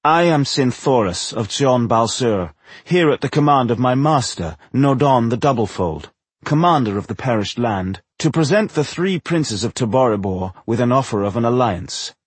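A man voicing a cold, haughty male elf envoy who speaks barely courteously, with a husky voice. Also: medium pitch, lively intonation, moderate pace, hardly any pauses, no echo. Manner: barely courteous, take-it-or-leave-it tone.

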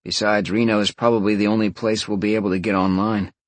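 A man's voice: on the low side, flat delivery, fast, no room sound, close to an everyday voice. Man voicing an easygoing young man.

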